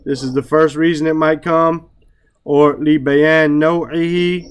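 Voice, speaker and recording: A man teaching Arabic grammar in a relaxed way, stressing words for emphasis and often checking in with "right?". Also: fairly high pitch, normal speed, clean tone. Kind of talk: relaxed classroom explanation.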